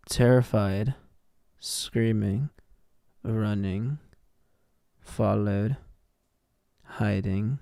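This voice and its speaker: Unhurried and a little mellow, a young man with a medium-pitched voice gives casual live commentary on a horror game he's streaming. He jokes and talks himself through the puzzles. The audio is studio quality with no room sound.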